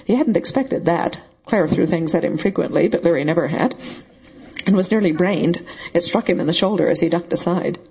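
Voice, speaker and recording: A man narrating a novel in a steady, even storytelling voice. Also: high-pitched, brisk, vocal fry, breathy edge, rough recording. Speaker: audiobook narrator. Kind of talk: scripted narration.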